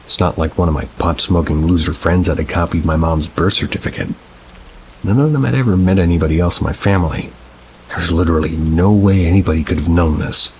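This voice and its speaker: A man reading first-person paranormal stories aloud in a measured, unhurried storytelling manner. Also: low-pitched, darkish tone, slight background noise, poor audio. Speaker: narrator.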